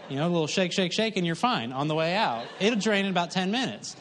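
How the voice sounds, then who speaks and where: A man's voice: sits high, expressive, quick pace, fairly bright tone. A middle-aged man preaching, telling a folksy, self-mocking story with humor. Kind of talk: sermon.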